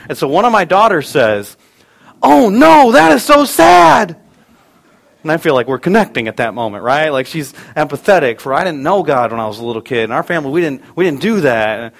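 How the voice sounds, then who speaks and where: A man's voice: mid-range voice, animated, quick pace, hardly any pauses. Earnest male pastor preaching a sermon. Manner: earnest, builds to loud emphatic peaks, tells stories with humor.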